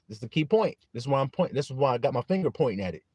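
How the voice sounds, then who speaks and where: This live-streamed preacher talks fast in a husky voice, his pitch jumping high and falling low. He reads from scripture, quizzes those listening, calls out viewers by name and laughs often between points. The audio is close and dry, free of room echo.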